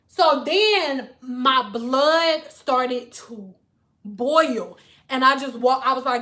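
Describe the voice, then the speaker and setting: A hairstylist tells stories on a casual livestream, blunt, profane and animated, in a high, bright, sharp voice. She takes her time, speaking slowly.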